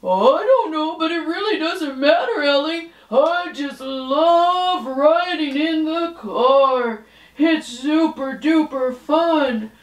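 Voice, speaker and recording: A woman voicing an excitable young dog puppet who barks between words and is impatient to go for a car ride. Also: high-pitched, takes it slowly, distant mic, voice pushed up. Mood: eager. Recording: roomy echo.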